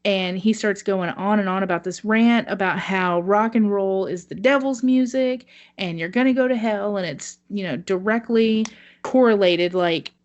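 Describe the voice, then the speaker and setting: Wry woman telling a funny story. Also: mid-range voice. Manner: wry, laughing, self-mocking. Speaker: podcast co-host. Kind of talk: casual storytelling.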